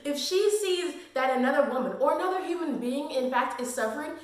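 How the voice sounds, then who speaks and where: A woman giving a casual, gushing book review vlog, full of slang and fangirl excitement. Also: high-pitched, brisk. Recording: very echoey room.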